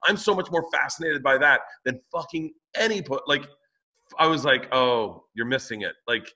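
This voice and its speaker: Very bright-toned male comedian. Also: medium pitch, lively intonation, normal speed. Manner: blunt storyteller, swears. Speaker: podcast co-host, comedian. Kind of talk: casual chat.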